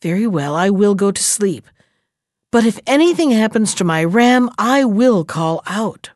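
A woman reading a folk tale aloud, lifting her pitch for the characters' speech. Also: lively intonation, a little mellow, dry recording, studio quality. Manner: unhurried, voices characters with raised pitch. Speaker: narrator. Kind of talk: storybook reading.

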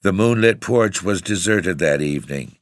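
A man narrating a story in a measured, formal manner. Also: sits low, expressive, no echo, clean studio sound. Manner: measured, formal, old-fashioned phrasing. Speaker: audiobook narrator. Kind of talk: scripted narration.

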